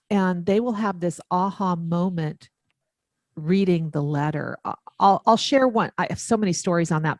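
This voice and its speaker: A woman author, a guest on an interview, telling stories with lively enthusiasm and acting out the dialogue. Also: on the low side, no room sound. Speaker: author and letter writer, guest. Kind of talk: interview storytelling.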